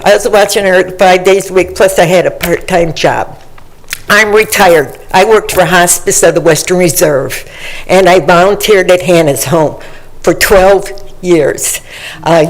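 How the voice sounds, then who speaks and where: A woman's voice: on the low side, a little slow, low-quality recording. Earnest older woman testifying at a meeting. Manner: earnest, repeats words and phrases for emphasis. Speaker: public commenter. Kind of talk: personal testimony at a public meeting. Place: county meeting chamber.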